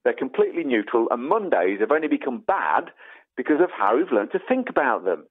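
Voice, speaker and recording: A man's voice: mid-range voice, big pitch swings, brisk. A man, a podcast guest chatting emphatically and often saying mate. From England. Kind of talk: casual conversation. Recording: phone-like audio line.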